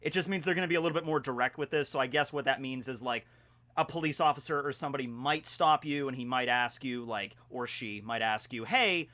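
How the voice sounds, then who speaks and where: Quick-paced and steady, with a medium pitch and a bright, forceful tone, a young Pennsylvania vlogger chats loosely through a geography quiz and keeps making jokey digs at himself.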